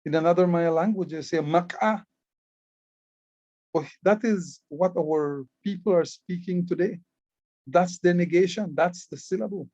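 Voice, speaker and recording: A man with a Belizean accent, an educator and guide with a Maya writing club, gives a presentation explaining ancient hieroglyphs, earnest and patient, often repeating words as he explains. His warm voice is a little high for a man and moves at a moderate pace. The recording is dry and somewhat dull, like a close mic with muffled highs.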